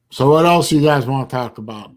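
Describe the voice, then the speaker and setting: A man hosting a casual livestream chat, talking in a rambling, halting way with bursts of dry sarcasm. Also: fairly high pitch. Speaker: livestream host.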